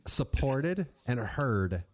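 A man co-hosting a casual comedy podcast, reading passages aloud and making wry, deadpan remarks. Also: mid-range voice, drawn-out words. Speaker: podcast co-host.

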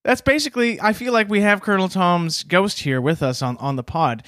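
Chatty podcast host, raised pitch. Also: male voice, a little fast, a bit bright, no echo, studio quality. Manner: chatty, laughs between points, loose with fillers. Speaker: podcast co-host presenting research. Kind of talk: casual storytelling podcast chat.

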